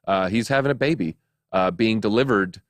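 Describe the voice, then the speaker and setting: A man's voice: on the low side, moderate pace, dry recording. A man hosting a crypto news show, talking casually in a chatty, joking, rambling way with lots of fillers. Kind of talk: casual chat.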